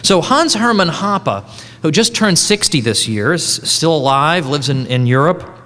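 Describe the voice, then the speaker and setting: A man's voice: fairly high pitch, sing-song, measured pace, bright, forceful tone, in a large hall. A man giving a conference lecture in a conversational, joking way, often correcting himself mid-sentence. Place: conference hall.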